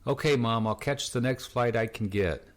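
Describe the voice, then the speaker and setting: A man voicing an anxious young woman art student, lifting his voice higher and speaking quickly. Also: close to an everyday voice.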